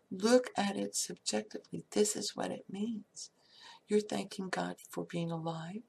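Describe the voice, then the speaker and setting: A woman's voice: mid-range voice, fairly even intonation, measured pace, creaky, a little mellow, slight background noise. A woman giving a casual, upbeat talk on prayer and feeling, often laughing and dropping into whispers. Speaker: spiritual speaker.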